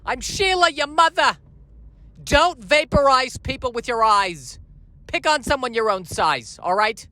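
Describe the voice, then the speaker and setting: A man's voice: fairly high pitch, big pitch swings, normal speed, bright, forceful tone, no room sound. A man voicing a fussy, nagging middle-aged alien mother who scolds in a fretful way. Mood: scolding.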